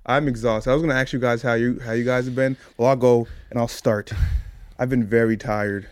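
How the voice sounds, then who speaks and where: A man hosting a casual podcast with friends, tired and burnt out but still hyping his friends up in animated introductions. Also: medium pitch, brisk, clear, resonant tone, dry recording. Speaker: podcast host.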